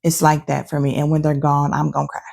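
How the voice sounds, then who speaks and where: A woman hosting her own channel, giving casual, opinionated and animated reviews of her perfume collection. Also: low-pitched, fast talker, vocal fry. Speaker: fragrance reviewer and channel host. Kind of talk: casual talking-head review.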